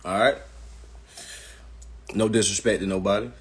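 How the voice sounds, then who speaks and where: A man's voice: lowish voice, steady tone, normal speed. A man hosting a live stream, answering viewers' questions from chat in a blunt, profane, ranting way while promoting his class. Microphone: phone.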